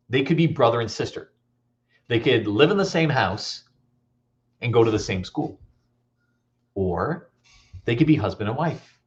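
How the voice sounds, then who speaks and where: Animated man giving a school motivational talk. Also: medium pitch. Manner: animated, storytelling, audience questions. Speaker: motivational speaker. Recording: dull lo-fi recording.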